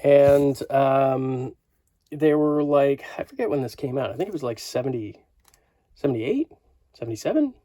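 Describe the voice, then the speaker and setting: A man's voice: mid-range voice, lively intonation, normal speed, mellow, no room sound. A man in his fifties from Canada, flipping through his record collection in a rambling, enthusiastic casual vlog full of fillers.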